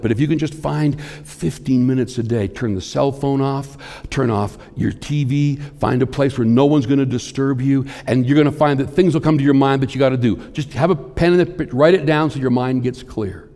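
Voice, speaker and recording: A man preaching a sermon, swinging between forceful emphasis and hushed near-whispers in a building, repetitive cadence. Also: mid-range voice. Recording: long hall reverb.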